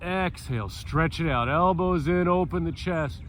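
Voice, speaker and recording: Slow-talking fifty-year-old male fitness coach. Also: on the high side, fairly bright tone, slight background noise. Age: 50s. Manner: upbeat, jokey, cues movements while doing them. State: a little stuffy, clears throat often. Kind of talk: guided stretching instruction. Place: outdoors on a mat on grass.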